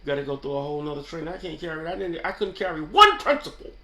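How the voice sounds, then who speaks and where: High, bright-voiced New man rambling. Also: sing-song, rapid-fire, roomy sound. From New York. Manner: slangy, rambling, keeps asking "you know what I'm saying". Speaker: channel host. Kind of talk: casual off-the-cuff commentary.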